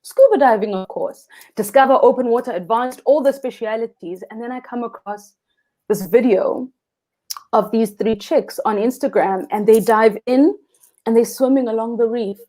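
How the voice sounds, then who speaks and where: With a fairly high pitch, a dark tone, and a moderate pace, a South African woman tells a story as a guest in a relaxed interview. She's a freediving instructor who gets animated, voices the people she quotes, and laughs a lot.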